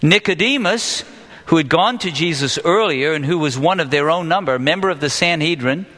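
A man with a high, bright voice preaches a sermon to his congregation, talking to them casually and asking them questions as he goes. His voice rings out in a hall with a long reverb. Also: animated, fairly quick. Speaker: pastor. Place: church hall with live congregation.

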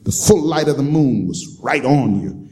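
A man preaching voices a rough, weather-beaten former soldier with a Southern accent, grave and low as he confesses. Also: expressive, normal speed, a little mellow, lightly acted. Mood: solemn confession.

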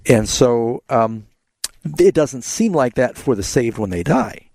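A man's voice: medium pitch, sing-song, unhurried, gravelly, a little mellow, no echo. A man hosting a call-in radio Bible program, confidently explaining scripture to callers.

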